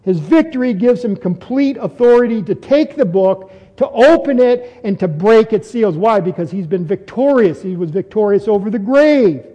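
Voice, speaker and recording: A male preacher delivers an expository sermon, earnestly driving points home by repeating phrases. His voice sits high and mellow. A long reverb trails each phrase, as in a church sanctuary. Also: animated, normal speed, hardly any pauses, dull audio. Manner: earnest, repeats phrases for emphasis, rises when stressing points.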